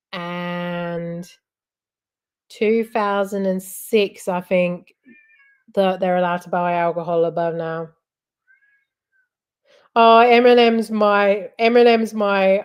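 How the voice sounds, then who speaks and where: A woman's voice: medium pitch, steady tone, slow, long pauses, smooth. A woman hosting a casual live chat, rambling and giggling as she talks. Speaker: livestream host.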